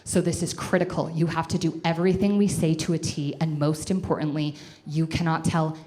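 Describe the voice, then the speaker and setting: A woman voicing a curt, serious male federal agent on the phone, flat and official. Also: low-pitched, fairly quick, close to an everyday voice. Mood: stern.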